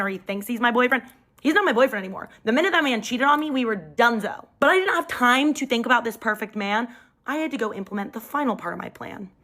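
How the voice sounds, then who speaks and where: A woman's voice: fairly high pitch, fairly bright tone. Chatty young woman telling a dramatic story. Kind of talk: casual storytime monologue.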